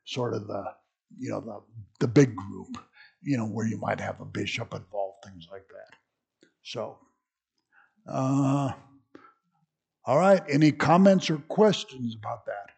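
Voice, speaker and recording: A man giving a relaxed classroom lecture at an unhurried pace. His voice is gravelly with a husky edge, and he talks conversationally, often restarting his sentences. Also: mid-range voice. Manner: conversational, many fillers and restarts. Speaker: church history teacher.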